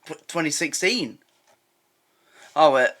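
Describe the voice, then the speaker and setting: Man from England, reaction host, bright voice, casual, amused. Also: a little high, animated, slow. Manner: chatty, amused. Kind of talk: casual commentary.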